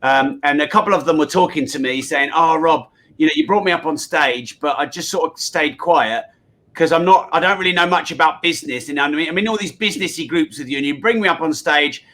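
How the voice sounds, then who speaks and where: A man's voice: on the high side, brisk, bright, forceful tone. A man from the UK, a podcast guest, talking about business and self-belief with earnest, repetitive emphasis. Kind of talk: motivational business chat.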